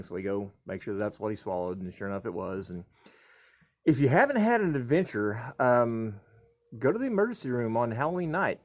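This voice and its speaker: A middle-aged man recounts stories about his kids in an easygoing, folksy drawl. He chuckles as he goes and trails off with plenty of uhs and ums. He is recorded in a horse barn. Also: lowish voice. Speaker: vlogger telling family stories. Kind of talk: casual storytelling to camera.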